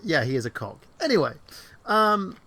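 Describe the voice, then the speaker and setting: Excitable rambling man host. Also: a little high, moderate pace. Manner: rambling, excitable, swears freely. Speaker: podcast co-host. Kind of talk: casual online chat show.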